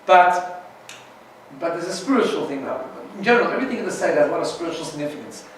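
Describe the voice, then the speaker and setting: A man's voice: fairly high pitch, sing-song, quick pace, heavy reverb, far from the mic, a little hiss or hum, poor audio. A man teaching an informal Torah class as a rabbi, chatty and often checking in with "right?". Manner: chatty, keeps asking "right?".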